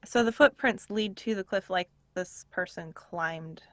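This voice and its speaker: A woman playing a tabletop role-playing game, chatty and quick to laugh, often asking questions. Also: lowish voice, no echo. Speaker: player. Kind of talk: casual tabletop role-play.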